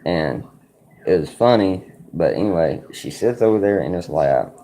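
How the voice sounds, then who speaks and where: A man's voice: low-pitched, animated, moderate pace, mellow. A man streaming a card game, telling a rambling, profane story full of "like" and "you know". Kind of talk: casual storytelling while playing a card game.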